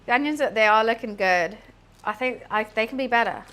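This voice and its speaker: A young British woman chatting casually while she cooks on a live stream, answering chat in a deadpan way. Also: on the high side, brisk. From United Kingdom.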